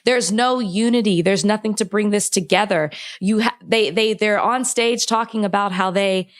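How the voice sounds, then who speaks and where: A woman's voice: mid-range voice, moderate pace. A woman co-hosting a podcast, speaking with impassioned frustration and close to crying, with many restarts. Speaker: podcast co-host. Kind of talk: heated podcast conversation.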